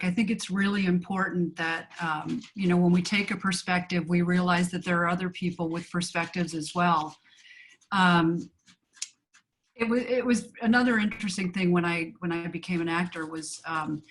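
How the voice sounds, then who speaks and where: Woman coach explaining with examples. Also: on the low side. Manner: explains with acted example lines, many fillers. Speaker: coach and webinar co-host. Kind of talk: conversational webinar talk.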